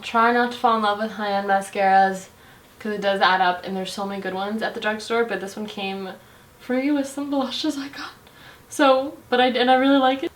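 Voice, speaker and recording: A woman's voice: medium pitch, a bit bright. A young woman chattily reviewing her favorite makeup on her vlog, with lots of "like" fillers. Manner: chatty and bubbly, heavy use of "like". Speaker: beauty vlogger.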